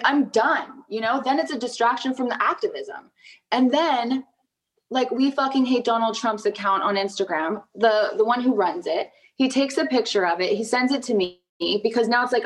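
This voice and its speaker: A woman's voice: a little high, rough recording. A woman in her thirties, an interview guest, talking casually and emphatically with many "like" fillers and frequent swearing, sounding indignant.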